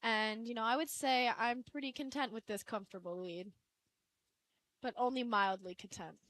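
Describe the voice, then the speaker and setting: A woman's voice: a little high, moderate pace, fairly bright tone, no echo. Young woman doing color commentary, dry close sound, chatty and a bit wry. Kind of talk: live sports commentary.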